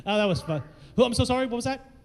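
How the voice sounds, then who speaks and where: A man from the American South co-hosting a live comedy show, loud, playful and exclamatory, working the crowd. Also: very high voice. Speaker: comedy co-host. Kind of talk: stand-up hosting with crowd work. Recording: echoey hall.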